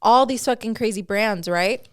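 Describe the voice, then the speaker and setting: A young woman co-hosting a podcast in casual chat, animated, swearing a lot and laughing often. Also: medium pitch, normal speed, clean tone. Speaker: podcast co-host.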